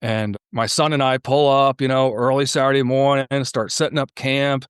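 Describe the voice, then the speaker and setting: A man's voice: moderate pace, clean tone, dry recording, studio quality. A man, a podcast guest, telling stories in casual conversation and acting out what people said in a raised voice. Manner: animated storyteller, acts out quotes in a higher voice. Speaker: podcast guest, car YouTuber.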